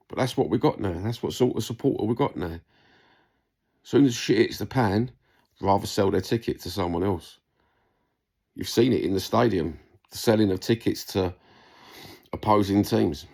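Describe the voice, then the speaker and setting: Gravelly, low-voiced London bloke; angry vlog rant, lots of swearing and repetition. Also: male voice, darkish tone. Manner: heated, sweary, repeats himself. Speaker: vlogger responding to a comment.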